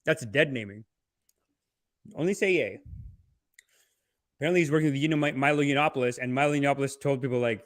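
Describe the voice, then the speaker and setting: A man hosting a podcast, riffing sarcastically on clips in a rambling, animated way. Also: medium pitch, fast talker, pauses often, dry recording, clean studio sound. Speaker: podcast host. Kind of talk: comedic commentary.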